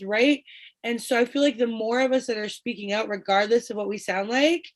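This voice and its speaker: A talkative woman hosts a relaxed group chat over a video call. Her voice sits a little high, and she speaks with lively, encouraging energy. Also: moderate pace. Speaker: host.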